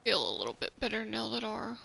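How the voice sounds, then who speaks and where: A woman's voice: mid-range voice, sing-song, fast, gravelly, sharp tone. A woman casually commenting as she plays a video game, chatty and sometimes dropping to a whisper. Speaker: gamer.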